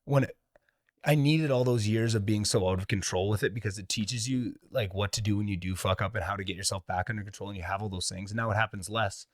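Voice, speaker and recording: A man's voice: lowish voice, no room sound, clean studio sound. A young man from Canada, a comedian, telling candid, profane stories in a casual podcast conversation. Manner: candid, profane, rapid storytelling.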